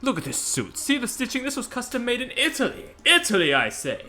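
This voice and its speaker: A man's voice: extremely high pitch, wildly swooping pitch, brisk, bright, forceful tone, faint music behind, voice pushed up, heavily acted. A man voicing a vain, pompous dandy who is proud of his fine suit, reading game dialogue aloud. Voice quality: haughty, self-admiring.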